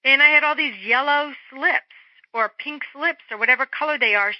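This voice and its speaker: A middle-aged woman tells a story as an interview guest, with a fairly high voice that leaps even higher when she acts out other people. Her animated telling comes through a dull, muffled line with a dry, close sound. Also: a little fast, dry recording. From Germany.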